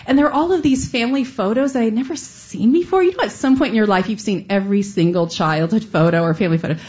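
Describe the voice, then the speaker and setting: A woman's voice: fairly high pitch, lively intonation, fast, few pauses, a little mellow, lo-fi sound. A woman from Texas telling a true personal story in an earnest, conversational way, now and then breaking into a laugh. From Austin, Texas, USA.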